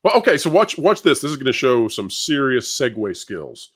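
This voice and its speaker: Male podcast host, animated and chatty, lots of pitch movement. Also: moderate pace, husky. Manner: animated, laughs often, repeats words when starting. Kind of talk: casual panel chat.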